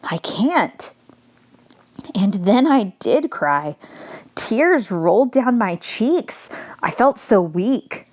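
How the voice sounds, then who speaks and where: A woman narrating an audiobook in the first person, with measured, reflective delivery. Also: a little high, sing-song, darkish tone.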